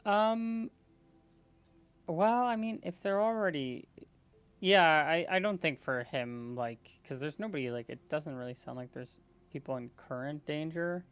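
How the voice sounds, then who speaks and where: Hesitant tabletop player, mid-pitched. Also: unhurried, clean tone, no echo. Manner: hesitant, filler-heavy. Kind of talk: casual tabletop play.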